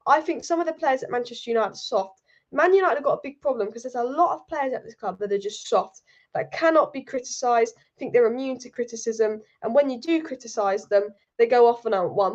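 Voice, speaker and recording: A young woman hosts a live-streamed football fan show, ranting heatedly and reading viewer comments aloud. Her voice sits high. The stream audio is dull and lo-fi. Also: fairly quick, darkish tone. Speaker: football channel host.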